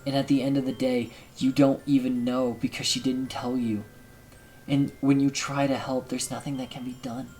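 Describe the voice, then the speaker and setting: A man hosting a gaming channel, reacting to a game with emotional, drawn-out comments. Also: mid-range voice, flat delivery, darkish tone, faint music behind, poor audio. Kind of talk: let's play reaction commentary.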